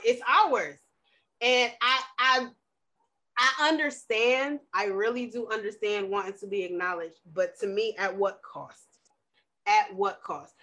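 A young woman co-hosting a relaxed talk show, loud and passionate as she tells family stories and makes her points. Her voice sits a little high and comes across bright and forceful. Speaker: podcast co-host. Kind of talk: casual group chat.

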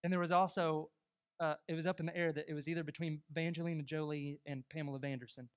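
A young adult man preaching a sermon as pastor, emphatic and rising to loud exhortation. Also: fairly high pitch, level tone, quick pace, smooth, muffled recording.

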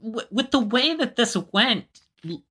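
A podcast co-host in loose, casual chat, joking and circling back with halting restarts. The voice is bright and sits at a middle pitch. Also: expressive.

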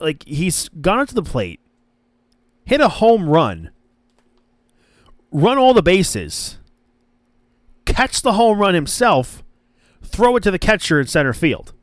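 A man's voice: a little high, clear, resonant tone, no echo, studio quality. A young man hosting a casual wrestling podcast, rambling with restarts and acting out quoted lines. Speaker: podcast host.

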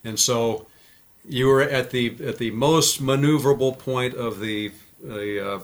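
Speaking a little slowly in a mid-range voice, this ex-fighter pilot recounts stories during a relaxed interview. He stays animated throughout, acting out the quoted dialogue in different voices.

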